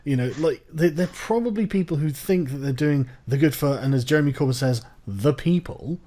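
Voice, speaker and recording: A man's voice: a little high, expressive, brisk, warm tone. A man hosting a casual political chat, ranting with profanity and sarcasm. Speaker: host.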